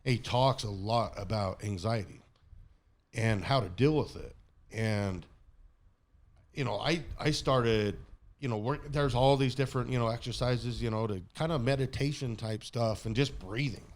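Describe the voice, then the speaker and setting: A man tells a personal story on a podcast in a loose, blunt, profane way. His voice sits at an ordinary middle pitch and he talks animatedly through his retelling. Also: moderate pace. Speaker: podcast guest. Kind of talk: casual storytelling chat.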